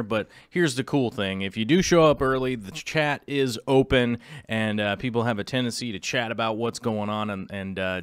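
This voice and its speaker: Guy rambling goofy on his live stream, smooth clean voice. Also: medium pitch, a bit bright, dry recording. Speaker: livestream host. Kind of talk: casual livestream chat.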